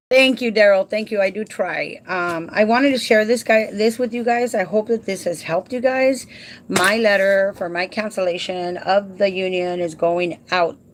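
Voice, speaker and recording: Unhurried and mid-range, this voice belongs to a Southern Californian livestream host in her forties. Folksy and instructive, she walks viewers through timesheets, calls them by name, and occasionally drops into Spanish.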